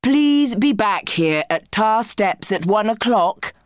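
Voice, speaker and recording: A woman voicing a firm female teacher who gives clear instructions. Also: mid-range voice, lively intonation, takes it slowly, no room sound, studio quality, pitched above the performer's own voice.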